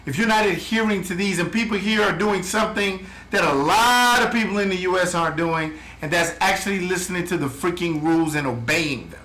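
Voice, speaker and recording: A man's voice: high voice, fairly quick, few pauses, bright, forceful tone. A man giving a blunt, heated, profane update as a travel vlogger, ranting to the camera from his home. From United States. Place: home in the Philippines. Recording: echoey room, faint background noise.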